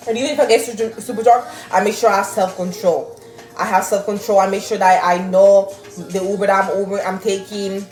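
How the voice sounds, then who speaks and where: A young woman, telling a story casually to her viewers in an animated, swearing manner and laughing often. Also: mid-range voice, a little fast. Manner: animated, swearing, laughing, reading chat aloud. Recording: roomy with faint music.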